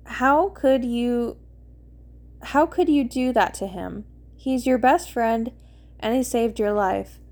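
Fiery scolding young woman, loud, fairly high voice, read by a woman. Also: slow. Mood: angry.

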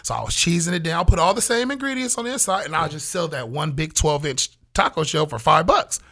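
A man who is a guest on an interview, telling a lively story and acting out other people's voices. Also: fairly high pitch, fairly quick, creaky. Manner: lively, acts out voices, laughs often. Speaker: guest, food vendor. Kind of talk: animated storytelling.

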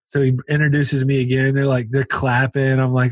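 A man from Cincinnati, a stand-up comedian, telling an animated story in casual chat and acting out the voices in it. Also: medium pitch, fast, few pauses, no echo. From Cincinnati, USA. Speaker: comedian guest.

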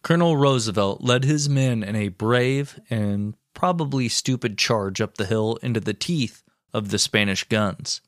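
A man co-hosting a podcast, reading a history story aloud with wry, deadpan asides. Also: lowish voice, unhurried, hardly any pauses, no room sound, studio quality. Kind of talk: reading history narration with jokes.

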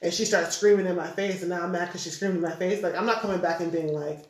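A man's voice: high-pitched, fairly even intonation, fast talker. A man talking loosely in a casual group chat, rambling and laughing often. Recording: echoey room, off-mic, faint noise.

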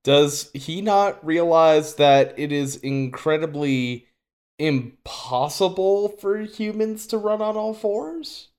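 A man's voice: on the high side, expressive, slow, a little mellow. A man co-hosting a podcast, chatting casually with dry, joking asides. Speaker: podcast co-host.

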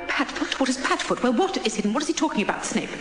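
A woman's voice: high voice, animated, quick pace, roomy sound, in a large hall, over loud music. A woman playing a prim, stern school official in a film scene, asking pointed questions. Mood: demanding.

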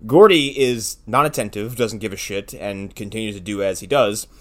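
A man co-hosting a casual podcast, bluntly and sarcastically mocking the movie's characters. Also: fairly low pitch. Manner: blunt, sarcastic, mocks characters in quick put-on voices. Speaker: podcast co-host. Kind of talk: casual profane movie-recap chat.

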